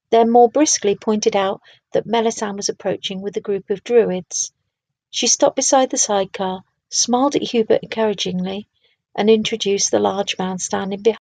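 Husky-voiced woman reading a storybook. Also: mid-range voice, fairly even intonation, moderate pace, mellow, dry recording, low-quality recording. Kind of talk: reading a children's book aloud.

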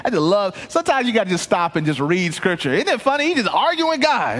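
A man with a high voice preaches from a church stage. He is animated and lively, and acts out the scripture as he reads it. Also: quick pace, hardly any pauses, big-room sound. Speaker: pastor. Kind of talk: sermon.

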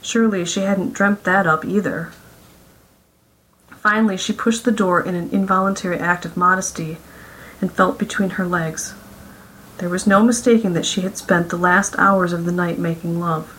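A woman narrating a romance story in a smooth, even reading voice. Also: fairly low pitch, low-quality recording. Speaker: audiobook narrator.

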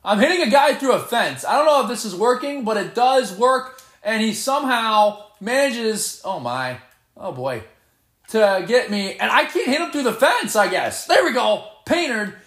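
A man giving live gameplay commentary, excitable and playfully boastful as he trash-talks. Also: high voice, normal speed, reverberant. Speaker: gamer.

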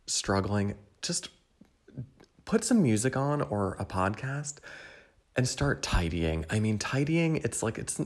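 A man with a low voice hosts a solo podcast in casual, unscripted talk. He rambles candidly, often restarting and stuttering through his sentences, with a self-deprecating, confiding manner. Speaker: podcast host.

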